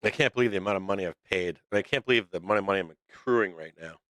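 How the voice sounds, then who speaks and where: Profane middle-aged male stream host, low and rambling, dry room. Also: racing, a bit bright, no echo. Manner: blunt, profane, rambling with restarts. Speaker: stock market show host. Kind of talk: casual livestream rant.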